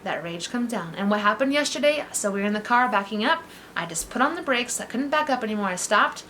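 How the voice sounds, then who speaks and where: A woman's voice: a little high, lively intonation, fast, sharp tone, slight background noise. A middle-aged woman talking straight to her viewers in an earnest, encouraging, coaching way. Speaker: vlogger. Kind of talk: encouraging direct-to-camera talk.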